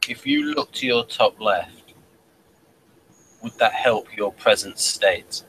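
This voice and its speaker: Slow, lively-pitched man, hesitant. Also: vocal fry, a little hiss or hum, poor audio. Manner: hesitant, questioning. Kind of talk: casual conversation.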